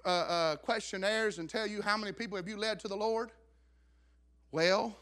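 Middle-aged male pastor, sermon storyteller, very high bright voice, swings from hushed to shouting. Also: steady tone, normal speed. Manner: storytelling preacher, rising to shouts.

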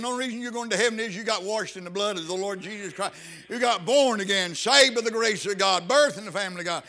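A man preaching a fervent revival sermon, rising to shouts and half-sung phrases. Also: high voice.

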